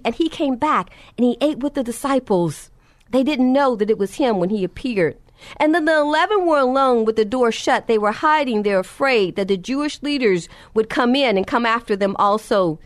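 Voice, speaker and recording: A woman's voice: expressive, moderate pace, no room sound. A woman preacher delivering a sermon, retelling scripture with impassioned emphasis, her voice climbing at key points. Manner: impassioned, rising in pitch at emphasis.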